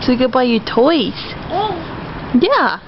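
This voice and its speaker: A mother filming at home, talking slowly and coaxingly in sing-song baby talk to her toddlers. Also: sits high, creaky. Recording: dull lo-fi sound with steady background noise.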